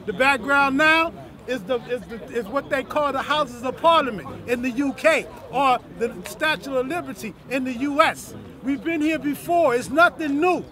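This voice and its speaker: Preaching older Los man. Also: extremely high pitch. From South Central Los Angeles. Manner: preaching, rhythmic repetition. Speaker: guest speaker. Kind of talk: outdoor speech to a crowd. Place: outdoor street gathering. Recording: crowd noise outdoors.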